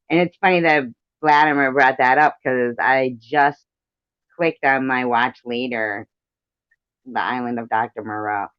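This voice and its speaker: A man's voice: mid-range voice, clear, resonant tone, dry recording. Brief: casual live-stream host, male, joking and laughing, dry muffled mic. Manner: chatty, laughs often, jokey. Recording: dull, lo-fi sound.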